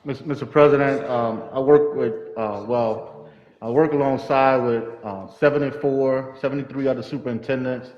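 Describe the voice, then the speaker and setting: A man's voice: medium pitch, steady tone, normal speed. A man speaks earnestly to a school board and stumbles through fillers and restarts. His voice carries a long hall reverb, and the audio sounds dull and muffled. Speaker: school superintendent. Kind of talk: remarks at a public meeting. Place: public meeting room.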